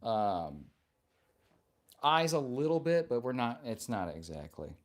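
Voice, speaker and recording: A man hosts a casual live stream, reading viewer comments aloud and replying in a playful, joking, affectionate way. His mid-range voice swings widely in pitch at a slow pace.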